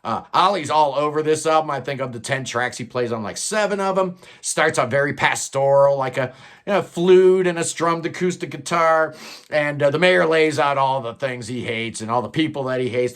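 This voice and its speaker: Chatty man reviewing an album, higher voice. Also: vocal fry, fairly bright tone. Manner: rambling, enthusiastic, many fillers. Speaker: music reviewer.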